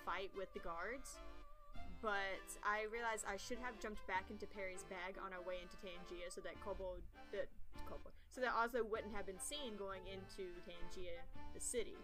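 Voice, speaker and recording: A chatty woman on a tabletop game podcast, explaining her character's moves in a mid-pitched voice. Music plays clearly behind her. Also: steady tone, moderate pace. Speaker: podcast co-host and player. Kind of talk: casual chat.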